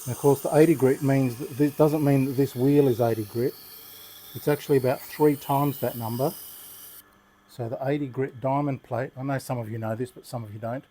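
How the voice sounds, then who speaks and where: A man's voice: mid-range voice, steady tone, fairly quick, warm tone. An older Australian man, a knife-sharpening host, chatting casually and telling rambling, good-humoured stories while he demonstrates.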